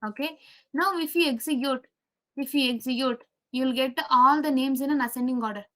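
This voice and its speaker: A woman's voice: high voice, normal speed, a bit bright. A woman teaching a live programming class, repeating key steps and quizzing her students as she goes. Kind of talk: live coding lesson.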